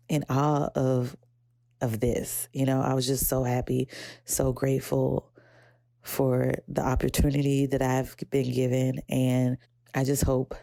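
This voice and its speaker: Warm in tone, gravelly and low, a young adult Southern woman speaks in a dry, clean studio recording. Hosting her podcast, she muses casually and rambles, voicing her inner thoughts in a high pitch, and grows teary and emotional at moments.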